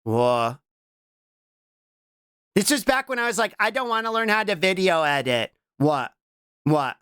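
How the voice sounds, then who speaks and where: Young adult streamer, casual reaction chat, pitch leaping all over, dry close sound. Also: measured pace, clear, resonant tone, dry recording. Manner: animated, breaks into playful shouts and squeals; keeps repeating a questioning "what?" between remarks. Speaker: VTuber streamer.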